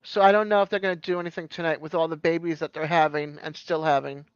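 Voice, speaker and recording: A man with a Boston accent and a high, smooth voice hosts a relaxed livestream, laughing easily and reading out names from chat. The sound is dry and close, yet dull and lo-fi like stream audio. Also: fast talker, no echo. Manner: chatty, laughs often, reads viewer chat aloud. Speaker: livestream host. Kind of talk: casual chat.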